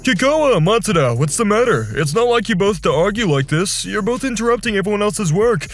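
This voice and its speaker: A man playing a firm older boss in a dubbed cartoon drama, high voice, strict but worried. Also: lively intonation, a little fast. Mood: firm concern. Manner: firm, scolding. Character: stern but caring older male office boss.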